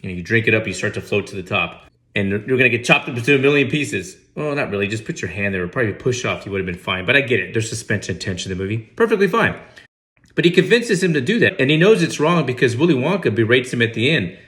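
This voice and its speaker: A man's voice: mid-range voice, animated, fast talker, a bit bright. A man giving casual comedic movie commentary, sarcastic and incredulous with mock outrage. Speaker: movie reaction host.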